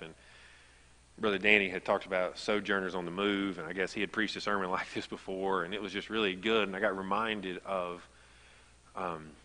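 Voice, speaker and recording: Man, pastor, sermon, conversational storytelling, lowish voice, bright tone, church reverb. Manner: conversational storytelling, rising to emphatic. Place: church sanctuary.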